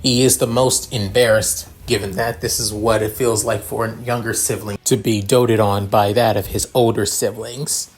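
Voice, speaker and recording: A man's voice: lowish voice, fairly even intonation, normal speed, hardly any pauses. A man narrating his own fan fiction in a rambling style, with frequent restarts and fillers. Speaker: story reader.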